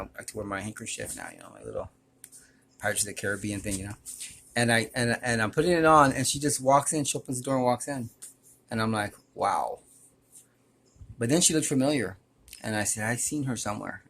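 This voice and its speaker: A man's voice: lowish voice, creaky, a bit bright, slight background noise. A man telling a personal story to his channel in a rambling, earnest and aggrieved way, often restarting his sentences. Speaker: YouTuber.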